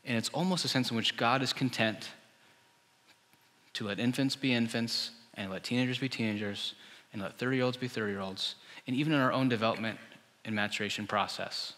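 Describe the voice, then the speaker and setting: A man's voice: medium pitch, a bit bright. A male pastor giving a sermon in a conversational style, full of rhetorical questions. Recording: church hall with long reverb.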